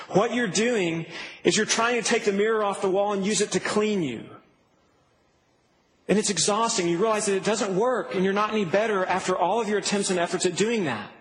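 A man's voice: sits high, fairly bright tone. A man preaching a sermon as pastor, earnest and building to emphatic peaks. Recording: reverberant hall with faint noise.

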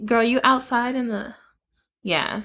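A woman co-hosting a podcast in casual chat, chiming in with agreement and quick laughs. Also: on the high side, a bit bright. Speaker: podcast co-host.

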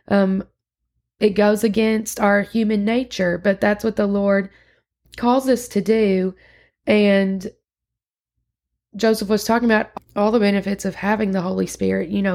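A woman's voice: mid-range voice, gravelly, darkish tone. A woman podcast host recapping a church sermon in casual, earnest chat, with frequent fillers and restarts.

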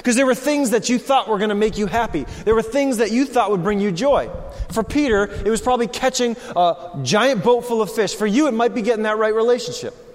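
A man preaching a sermon as pastor, swinging from hushed, low passages to loud, excited ones. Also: fairly quick. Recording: long reverb of a large hall.

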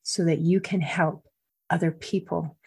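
A woman hosting a podcast, thanking her guest slowly and appreciatively. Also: on the low side, fairly even intonation, a little mellow, husky, no echo, rough recording. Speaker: podcast host. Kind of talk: interview wrap-up.

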